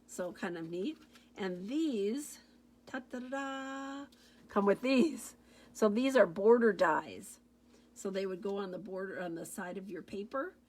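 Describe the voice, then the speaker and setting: A woman's voice: lowish voice, darkish tone, a little hiss or hum. A woman demonstrating stamping supplies in a chatty, gushing show-and-tell, repeating her praise of each item. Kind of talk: casual product show-and-tell.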